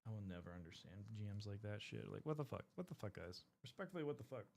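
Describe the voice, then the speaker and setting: A man's voice: on the low side, sing-song, quick pace, creaky, a little mellow. A man streaming while painting miniatures, chatting casually with his viewers, rambling and swearing often. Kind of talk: casual live-stream chat.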